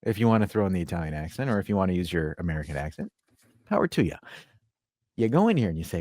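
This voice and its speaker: A man's voice: low voice, very animated, rapid-fire, darkish tone, no room sound, studio quality. A man hosting a sports podcast, ranting with profanity and sarcasm in casual chat. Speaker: podcast host.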